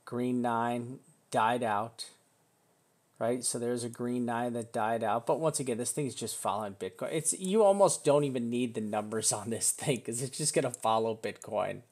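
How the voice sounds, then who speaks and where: In a casual live chart breakdown, a man goes through crypto prices, rambling, restarting sentences and dropping casual swears. His voice is medium-pitched and slightly mellow, at a normal speed.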